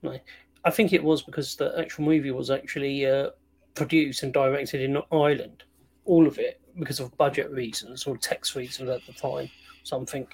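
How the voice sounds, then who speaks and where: A man's voice: mid-range voice, fairly even intonation, moderate pace, creaky, slightly rough. A man co-hosting a film review podcast, chatting in an easygoing, agreeable way. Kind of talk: casual chat.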